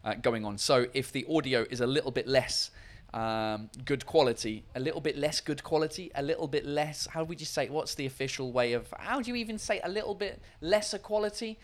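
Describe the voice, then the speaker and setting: A man's voice: medium pitch, fairly quick. A man hosting a casual live-stream podcast, rambling and swearing freely as he chats from a hot room with a fan running. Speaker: podcast and livestream host.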